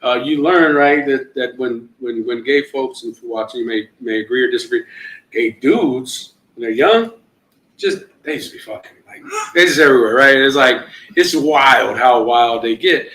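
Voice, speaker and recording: A middle-aged man, a comedian, telling stories in loose, profane, animated fashion during a casual podcast chat. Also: mid-range voice, moderate pace, reverberant, rough recording. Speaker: comedian guest.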